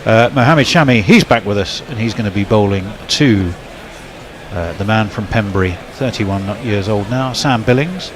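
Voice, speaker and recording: A man's voice: lowish voice, normal speed, slight background noise. A man giving ball-by-ball cricket commentary in a chatty way, checking himself aloud.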